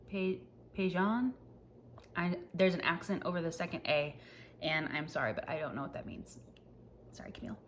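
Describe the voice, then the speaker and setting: Chatty woman reviewing books, slightly low voice. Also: slight background noise. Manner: chatty, self-deprecating, laughs at herself. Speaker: book reviewer. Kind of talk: casual book wrap-up chat.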